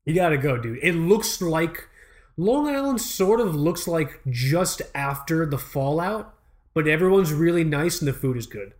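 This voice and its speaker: A young man in casual chat, loose and excitable, swearing freely as he talks. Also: fairly high pitch, unhurried.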